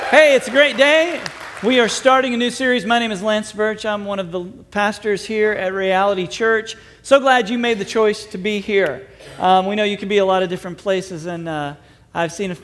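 A man with a high, bright voice delivers a chatty, upbeat sermon to his congregation. His voice rings in the long reverb of a church auditorium. He slips in self-deprecating jokes. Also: fairly even intonation, normal speed, a faint crowd. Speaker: pastor.

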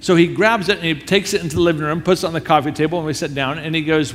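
A man telling a story as a sermon, animated and acting out the people he quotes. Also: on the high side, fast, few pauses, slight background noise. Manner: animated storyteller who acts out quoted voices. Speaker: speaker telling a story to a church audience. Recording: long hall reverb.

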